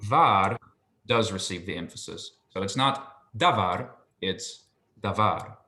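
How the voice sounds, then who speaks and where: A man's voice: low-pitched, unhurried, pushed and bright, roomy sound. A man tutoring basic biblical Hebrew one-on-one, explaining patiently and checking that his student follows. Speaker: Hebrew teacher.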